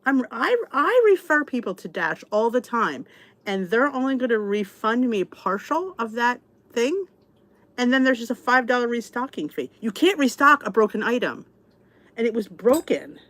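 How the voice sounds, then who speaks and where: A woman's voice: fairly high pitch, sing-song, normal speed, fairly bright tone. A middle-aged American woman hosting a casual live chat, answering viewers' comments in a chatty, exasperated way with lots of restarts. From United States. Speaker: channel host.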